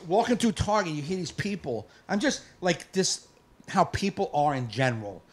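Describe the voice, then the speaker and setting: A man co-hosting a live podcast, ranting in casual chat, profane and fired up, with bursts of yelling. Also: on the high side, sing-song, moderate pace. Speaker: podcast co-host.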